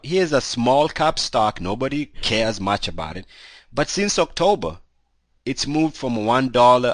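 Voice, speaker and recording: A man with a cold walks through stock charts as the host of his own market commentary. His voice sits on the low side and he talks loosely, leaning on fillers. The sound is dry and close, with no room around it. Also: a bit bright, no room sound. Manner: conversational, loose with many "you know" fillers. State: has a cold. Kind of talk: casual chart walkthrough commentary.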